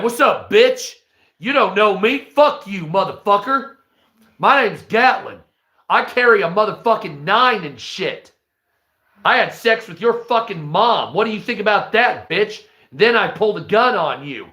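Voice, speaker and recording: A man's voice: sits high, lively intonation, a little slow, sharp tone, exaggerated voice. A man doing a crude bragging street thug. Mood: menacing swagger. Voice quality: crude, menacing, trash-talking. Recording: roomy echo.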